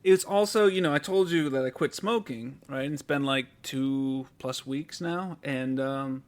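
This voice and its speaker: A man's voice: medium pitch, a little slow. A man co-hosting a podcast, telling a story in casual chat, acting out the people he quotes and swearing freely. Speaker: podcast co-host.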